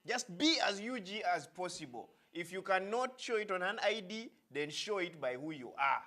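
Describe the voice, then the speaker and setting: A man's voice: high-pitched, lively intonation, normal speed, pushed and bright. A man with a Ugandan accent, hosting a satirical news segment with sarcastic, mock-serious delivery. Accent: Ugandan English.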